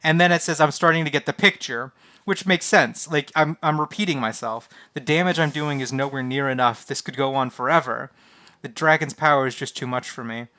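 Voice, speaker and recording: A man streaming a text adventure game, reading its lines aloud and reacting in an animated, swearing way. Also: mid-range voice, a little fast.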